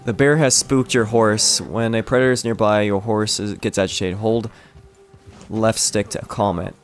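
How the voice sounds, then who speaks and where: A man's voice: lowish voice, normal speed, soft background music. A young man streaming a cowboy game with a friend, giggling, joking and reading prompts aloud in casual commentary. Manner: playful, giggly, lively, reads prompts aloud. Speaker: gameplay streamer. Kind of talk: casual let's-play commentary.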